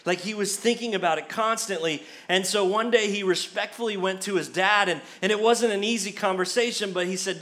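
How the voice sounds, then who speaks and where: A middle-aged man preaching a sermon to his church. His voice sits high for a man. He drives his points home by repeating key phrases with emphasis. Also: a little fast, hardly any pauses, a bit bright. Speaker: pastor.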